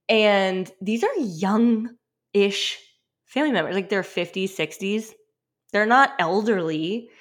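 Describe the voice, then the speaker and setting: A pregnant woman in her thirties hosting a casual solo podcast, talking in a chatty way with lots of "like" and quick restarts. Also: medium pitch, a bit bright. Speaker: podcast host.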